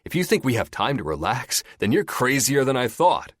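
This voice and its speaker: A man voicing a gruff, irritable male special-ops soldier in an audiobook, blunt and curt. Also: medium pitch, big pitch swings, moderate pace, no echo, studio quality, voice pushed up.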